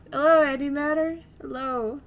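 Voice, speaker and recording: Young woman, streamer, casual chat, chatty and animated, laughs a lot, fairly high voice, faint music.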